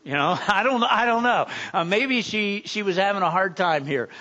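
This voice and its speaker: High-voiced bright male pastor preaching. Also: lively intonation, moderate pace, lo-fi sound. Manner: conversational preaching with rhetorical questions and repeated words. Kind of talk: sermon.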